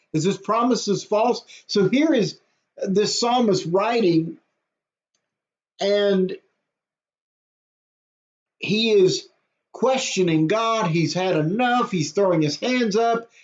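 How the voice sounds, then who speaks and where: A man, a pastor reading a psalm aloud and then explaining it plainly in a short devotional talk. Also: high-pitched. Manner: reads scripture slowly, then explains plainly. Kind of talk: devotional Bible reading and commentary. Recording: dull lo-fi audio.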